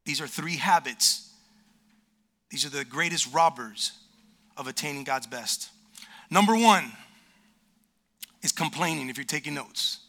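Bright, high-voiced animated male pastor. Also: a little slow, pauses often. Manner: animated, acts out quoted complainers. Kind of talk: sermon. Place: church sanctuary.

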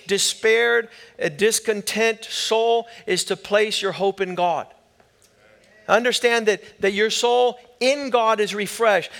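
A man with a high voice preaches a sermon from the pulpit. His delivery swells and drops in an emphatic preaching cadence as he works through scripture. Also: creaky, fairly bright tone. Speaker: pastor.

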